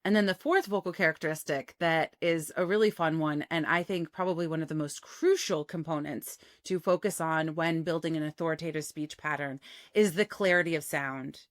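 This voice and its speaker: Demonstrating vocal techniques during an instructional session, a woman who works as a voice coach varies her resonance and cadence with a clean, clearly phonated tone. She speaks in a low voice, a little fast, and the recording is dry with clean studio sound.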